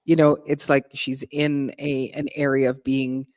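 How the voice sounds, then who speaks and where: A woman talking casually on a live stream, thoughtful and halting as she works through her points. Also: extremely low pitch, level tone, darkish tone, no echo.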